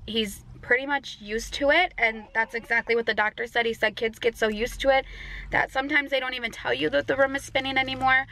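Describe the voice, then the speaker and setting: A woman's voice: high voice, fairly even intonation, brisk, bright, forceful tone, low-quality recording. A young pregnant woman with an Upper Midwest American accent, chatting casually in a family vlog and using many fillers and likes. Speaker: family vlogger. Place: out and about, car and store.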